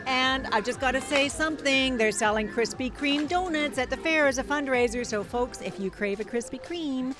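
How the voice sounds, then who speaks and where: A woman with a high voice does live commentary at an outdoor parade. She exclaims eagerly at each group that passes. Music plays clearly behind her. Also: moderate pace, few pauses. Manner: enthusiastic, exclaiming.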